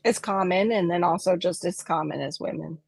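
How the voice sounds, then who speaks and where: A woman's voice: lowish voice, brisk, creaky, husky. A woman hosting a gardening livestream, chatting casually and giggling with friends from home. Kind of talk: casual chat.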